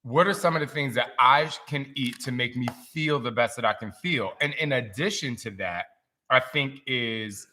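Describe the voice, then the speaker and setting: A man in his forties hosting a casual live-stream chat, telling stories in an animated, emotional way. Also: mid-range voice, normal speed.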